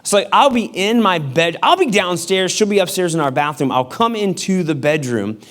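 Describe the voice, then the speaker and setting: A man's voice: high-pitched, animated, normal speed, a bit bright. Man preaching with casual humor. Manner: casual, humorous storytelling with acted-out quotes. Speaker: pastor. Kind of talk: sermon.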